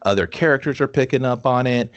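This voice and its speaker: A man's voice: mid-range voice, fast, muffled recording. A man co-hosting a casual movie review podcast, joking crudely and slipping into mock voices as he recaps the plot. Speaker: podcast co-host.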